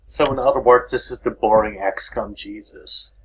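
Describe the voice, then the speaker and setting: A man's voice: on the low side, steady tone, normal speed, rough recording. A man co-commentating a let's play, tossing in sarcastic quips and questions in casual chat.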